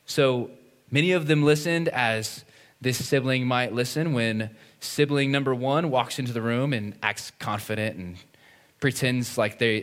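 A pastor delivering a conversational sermon, often asking "right?" and acting out quoted voices. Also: male voice, medium pitch, a bit bright.

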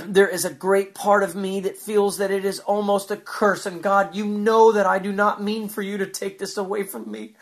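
A man's voice: sits high, fairly even intonation, normal speed. A man pouring out an anguished, fervent spoken prayer, pleading and repeating himself. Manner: repetitive, fervent.

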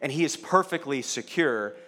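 Conversational pastor teaching a Bible study. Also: male voice, medium pitch, lively intonation, normal speed, sharp tone. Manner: conversational, checks in with the audience; teasing asides to the room. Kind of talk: sermon.

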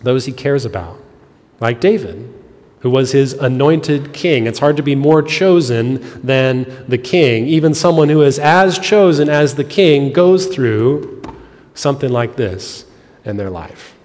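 Man, pastor, sermon, earnest, explanatory, mid pitch, long church hall reverb. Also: measured pace. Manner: earnest, explanatory, softening to quiet on heavy lines. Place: church sanctuary.

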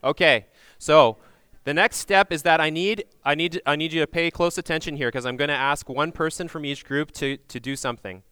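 A man leading a group through a Passover meal, giving loud instructions into a microphone and checking in with frequent "okay?"s. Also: a little high, fairly quick, smooth, no room sound. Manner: projects loudly into a microphone. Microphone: handheld or stand microphone.

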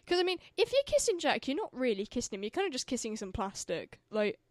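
A woman hosts a podcast in casual chat, rambling and piling on fillers. Her voice sits high and swings widely in pitch. The sound is close and dry, with no room around it. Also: sing-song, quick pace, dry recording. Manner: chatty, rambling, lots of fillers. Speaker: podcast host.

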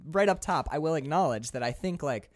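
A man's voice: fairly high pitch, fairly quick. A young man co-hosting a casual movie commentary chat, swearing freely and acting out quotes. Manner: animated, swearing, mock quoting. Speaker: podcast co-host.

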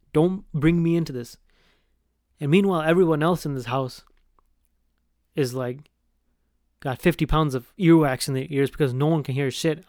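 A young man spins a rambling, profane story in casual podcast talk, peppering it with "like" and "right?". His voice sits a little high, and the sound is dry and close. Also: no room sound. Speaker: podcast host.

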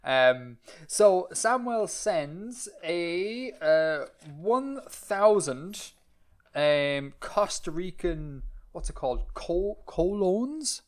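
This is an Irish man in loose podcast chat, rambling from point to point and poking fun at himself. His voice sits a little high for a man and swings up and down a lot as he gets worked up. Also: drawn-out words. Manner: rambling, animated, self-deprecating. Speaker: podcast co-host. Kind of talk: casual chat.

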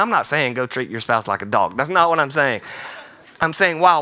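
A man preaching a sermon in a theater, energetic and playful, slipping into quick voices. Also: a little high, no echo. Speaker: pastor.

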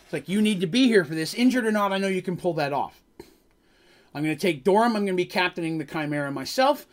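A man's voice: high voice, animated, fast. A man voicing a stern male minotaur clan leader, who gives clipped orders. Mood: determined.

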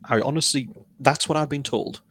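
A man talks through his story in a casual interview. His manner is candid and self-deprecating, and he gets animated as he recounts things. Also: medium pitch, moderate pace, husky, no echo. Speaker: author guest.

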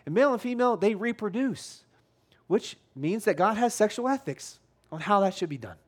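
A man delivers a sermon to his congregation, his voice sitting fairly high for a man. He talks in a casual, conversational way and slips into little acted voices when he quotes people. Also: normal speed, slightly rough. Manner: conversational preaching, animated, acts out quoted voices. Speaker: pastor.

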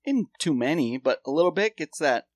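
A man's voice: fairly high pitch, lively intonation, a little fast, no echo. A man telling rambling, profane stories in a casual chat.

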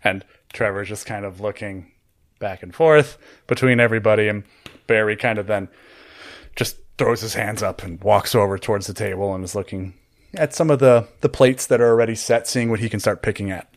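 Man narrating a tabletop game casually. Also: on the low side. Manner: casual, halting narration with fillers. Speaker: player.

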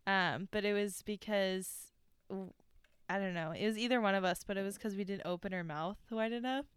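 A woman's voice: mid-range voice, moderate pace, smooth, no echo. A young woman co-hosting a podcast in a casual chat, speaking frankly and bluntly and swearing now and then. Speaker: podcast co-host.

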